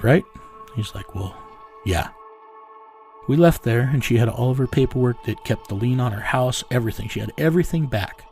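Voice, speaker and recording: In a storytelling interview, an American man who works as a bounty hunter recounts a tense episode with profanity and bluntness, voicing the dialogue of others. His voice is lowish with vocal fry and a darkish tone.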